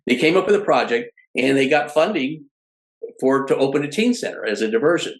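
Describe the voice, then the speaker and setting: A man's voice: medium pitch, a little fast, poor audio. A middle-aged man, a podcast guest, telling stories in casual conversation, often restarting his phrases. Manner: animated storyteller who restarts phrases often.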